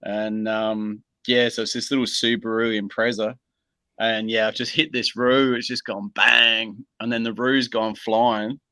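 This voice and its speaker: Australian bloke, guest, easygoing with lots of pauses, lowish bright voice, dry sound. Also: male voice, level tone, clear, resonant tone, no room sound, low-quality recording. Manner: laid-back, unhurried, many pauses and ums. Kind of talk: casual video-call interview.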